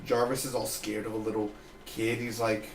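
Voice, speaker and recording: A man giving a loose, chatty review of a TV episode, retelling scenes with quick quoted asides. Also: fairly low pitch, flat delivery, echoey room, a little hiss or hum. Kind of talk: casual solo review.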